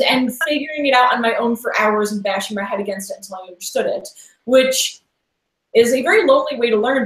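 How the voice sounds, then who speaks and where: A woman guest in a casual interview, talking in a rambling, chatty way with lots of "like" and restarts. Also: fairly high pitch. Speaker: podcast guest. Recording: echoey room sound.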